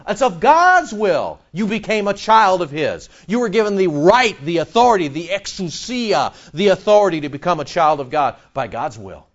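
A man preaching with a high, lively voice that swoops up and down as he fires sarcastic rhetorical questions at his congregation. The sound is dull and lo-fi. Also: moderate pace, hardly any pauses. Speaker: pastor. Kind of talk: sermon.

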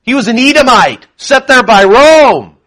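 A man preaching a sermon to a congregation, emphatic, swinging between quiet asides and loud proclamation. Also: very high voice, big pitch swings, a little slow. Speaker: pastor.

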